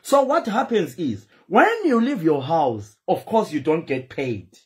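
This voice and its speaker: Zimbabwean male streamer, high animated voice, emphatic and pleading. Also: measured pace. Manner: pleading, emphatic, switches between English and Shona. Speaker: host. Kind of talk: impassioned live-stream talk.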